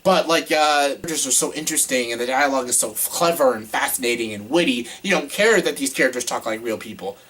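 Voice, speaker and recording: Man, movie reviewer, casual vlog, husky breathy voice, animated, exasperated, swearing. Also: mid-range voice, quick pace, few pauses.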